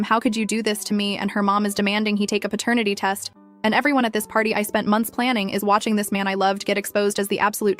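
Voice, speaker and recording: A young woman narrating a scripted first-person story in a brisk, dramatic way. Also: medium pitch, fairly bright tone.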